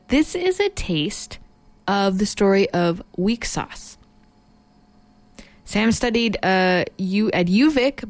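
A woman hosting a radio interview, introducing her guest and then teasing him with quick quips. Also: medium pitch, no echo. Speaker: radio host.

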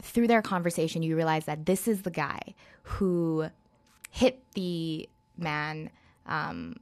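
A woman's voice: deep voice, lively intonation, slow, darkish tone. A woman chatting casually as an interview guest, talking about films with lots of fillers and hedges. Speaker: guest film reviewer.

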